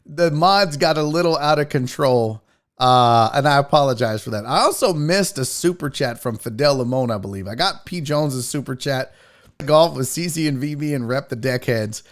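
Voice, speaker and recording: A man's voice: mid-range voice, moderate pace. A man hosting a live sports talk show, chatting loosely with viewers in a rambling, profane way. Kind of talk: casual live-stream chat.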